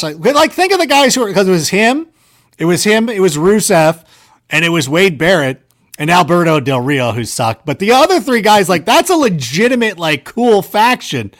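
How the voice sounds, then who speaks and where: A man casually telling stories on a podcast, animated and self-deprecating, filling his talk with "like" and "you know". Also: high voice, a little fast. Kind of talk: casual storytelling chat.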